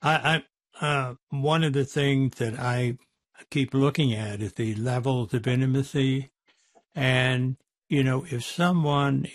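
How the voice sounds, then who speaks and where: Halting man in a dry close-miked chat. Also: mid-range voice, no room sound. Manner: halting, with many fillers and restarts. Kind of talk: conversational discussion.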